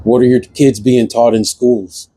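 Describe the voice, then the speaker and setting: A man's voice: mid-range voice, level tone, unhurried, dark tone. A man speaking, giving a passionate spiritual monologue to camera that repeats phrases and fires off rhetorical questions. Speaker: vlogger.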